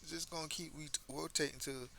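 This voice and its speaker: A man's voice: fairly high pitch, steady tone, quick pace, gravelly, pushed and bright, slight background noise. A man from the United States hosting a casual commentary monologue, talking emphatically and repeating words as he restarts his sentences. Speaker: commentary host.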